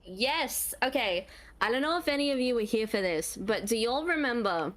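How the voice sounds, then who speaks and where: A woman's voice: a little high, animated, normal speed, a bit bright. A woman with an Australian accent, a voice actor answering convention panel questions in a bubbly way, laughing and repeating herself for emphasis. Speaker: voice actor guest.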